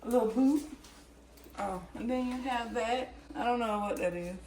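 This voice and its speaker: A woman's voice: fairly high pitch, normal speed, noisy background. A woman giving a casual, chatty home decor tour, pointing out items as she walks from room to room. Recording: echoey room.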